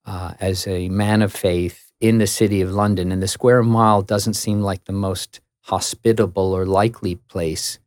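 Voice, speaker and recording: Middle-aged American man, lowish dry voice, chatty self-mocking guest storyteller. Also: moderate pace, few pauses, dry recording. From United States. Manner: lively, self-mocking, stammering restarts. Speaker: interview guest. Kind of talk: casual storytelling in a radio interview.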